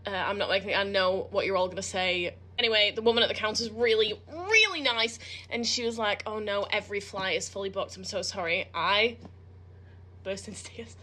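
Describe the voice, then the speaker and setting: A young woman with a bright, forward voice tells a travel story straight to camera. She is chatty and dramatic, laughing through tears between sentences. It sounds like it was recorded at an airport. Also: mid-range voice, brisk. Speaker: vlogger in a played clip. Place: airport, indoors.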